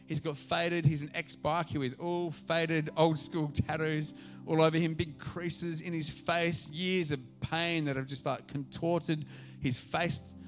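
A man preaching a sermon as pastor, telling a story and swinging from hushed asides to loud, excited calls. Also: a little high, a little slow, few pauses, soft background music.

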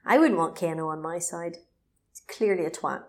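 Laughing woman recapping a game. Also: lowish voice. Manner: animated, laughs often, quick asides. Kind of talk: casual chat recapping a video game.

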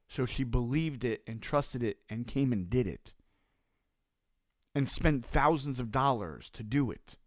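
A man's voice: mid-range voice, darkish tone, no echo. A man giving a casual motivational talk as a business coach, blunt and profane, hammering points home through repetition.

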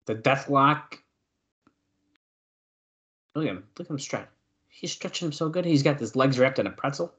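Young guy doing excited wrestling play-by-play, chatty, middle pitch. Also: moderate pace, pauses often, lo-fi sound. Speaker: podcast co-host. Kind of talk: casual wrestling watch-along commentary.

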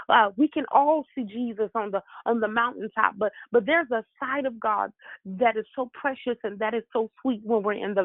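A woman preacher delivers a devotional message, pressing her points through fervent, rhythmic repetition. Her voice sits a little high. It comes through a thin, tinny phone line with no room sound at all. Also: vocal fry, no room sound. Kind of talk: devotional sermon.

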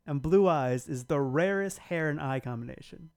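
A man's voice: on the high side, normal speed. A man co-hosting a podcast, chatting casually and telling jokey stories. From United States. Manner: joking, lively storytelling. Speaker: podcast co-host. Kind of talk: casual chat.

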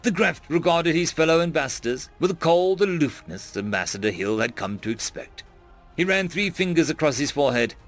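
A man's voice: a little high, lively intonation, a little fast, faint music behind. A man narrating a science fiction story in an audiobook style.

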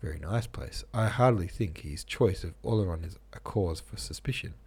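A man's voice: low-pitched, normal speed, creaky, husky, full character voice. A man playing a soothing, mild prison official. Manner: calm, placating.

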